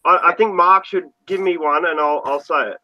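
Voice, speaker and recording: A laid-back Australian man with a bright, sharp voice that sits a little high. He sounds dull and lo-fi over his video call line. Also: a little fast. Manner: joking and laid-back, uses mate. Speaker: co-host. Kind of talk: casual group chat on a live stream.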